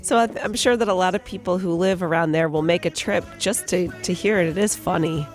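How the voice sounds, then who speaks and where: A woman co-hosting a morning radio show, reading entertainment news and telling stories briskly. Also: fairly low pitch, faint music behind. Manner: brisk storytelling, bright laughs.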